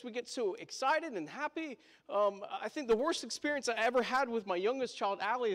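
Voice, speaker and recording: High-voiced man preaching a chatty sermon. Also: fairly bright tone, big-room sound. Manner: chatty anecdotes with asides to the congregation. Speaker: pastor. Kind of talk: storytelling sermon.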